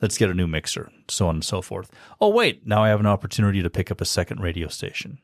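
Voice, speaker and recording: A man's voice: low voice, animated, quick pace, dry recording. A man who heads a college radio and audio program, talking casually as a guest in a podcast studio, wry and self-deprecating. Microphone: studio mic.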